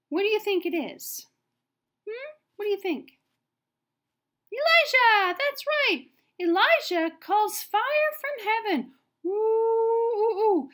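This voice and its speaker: A woman presenting a children's Sunday school lesson, talking to the kids in an exaggerated, animated way. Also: very high voice. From Canada.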